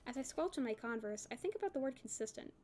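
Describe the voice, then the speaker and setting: A woman reading a novel aloud in an expressive first-person voice for a book club. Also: sits high, fast talker, faint music behind.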